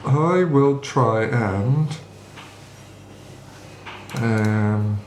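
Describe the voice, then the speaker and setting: Brisk male tabletop player, echoey room. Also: medium pitch, darkish tone. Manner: brisk, matter-of-fact rules talk. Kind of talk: playing a tabletop game. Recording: echoey room with faint noise.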